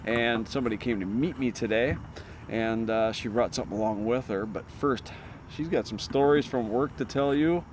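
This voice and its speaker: A man hosting his vlog outdoors, talking casually with many pauses and "uh" fillers. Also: mid-range voice. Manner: halting, full of "uh" fillers. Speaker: vlog host. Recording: faint street noise.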